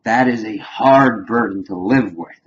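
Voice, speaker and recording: Rambling low-voiced man recapping a show. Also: measured pace, muffled recording, a little hiss or hum. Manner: rambling, filler-heavy, profane. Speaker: TV episode reviewer. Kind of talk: casual spoiler recap.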